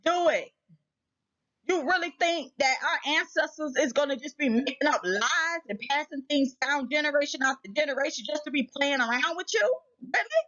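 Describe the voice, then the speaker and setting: A woman's voice: sits high, moderate pace, pushed and bright. An American woman hosting a casual vlog, speaking emphatically and preachily with many repeated rhetorical questions. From United States. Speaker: channel host. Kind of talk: casual spiritual warning vlog. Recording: slightly muffled lo-fi audio.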